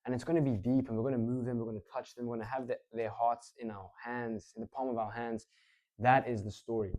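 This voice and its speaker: Recorded with a clip-on mic, this male public speaking coach gives a casual lesson. His low voice alternates between energetic bursts and slower stretches.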